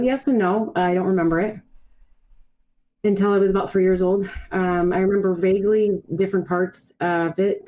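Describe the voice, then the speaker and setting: A woman's voice: mid-range voice, highs cut off. A woman from Brazil, a native Portuguese speaker, speaking as a podcast guest over a video call and telling her personal story in a candid, reflective way. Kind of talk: casual podcast conversation.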